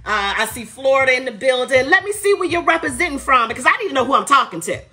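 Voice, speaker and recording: A woman hosts a live podcast, loud and playful, saying she is tired as she greets viewers by where they are watching from. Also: high-pitched, expressive, fast talker. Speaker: podcast host. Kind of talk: casual live-stream chat.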